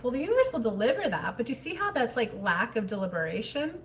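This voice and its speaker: A woman hosting a casual livestream as a spiritual coach, reading viewer comments and answering in a chatty, animated way. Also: high-pitched, fast talker, hardly any pauses, far from the mic, slight background noise. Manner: chatty, animated, drops into whispers.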